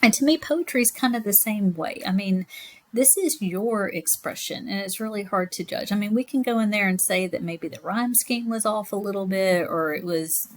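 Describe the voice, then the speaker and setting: This recorded lecture comes from a woman teacher, likely thirty to forty-nine, whose medium-pitched voice moves at a moderate pace. She wanders chattily through the material and keeps breaking off into side comments.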